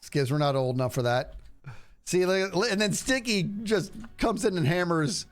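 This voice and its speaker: A man's voice: high-pitched, normal speed, soft background music. A man streaming a game, chatting casually and rambling to his viewers. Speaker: livestreamer. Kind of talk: casual gameplay stream chat.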